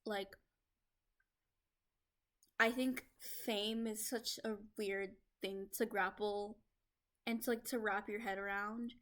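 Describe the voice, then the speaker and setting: A young American woman vlogs casually on her laptop microphone, rambling and dropping in lots of "like" fillers. Her mid-range voice is a bit bright with fairly even intonation, slow with frequent pauses, and the recording is lo-fi.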